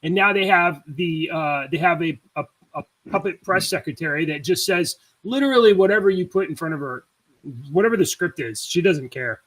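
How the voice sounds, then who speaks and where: A man's voice: a little high, expressive, brisk, fairly bright tone, low-quality recording. A man co-hosting a casual podcast, explaining things and laughing easily. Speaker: podcast co-host.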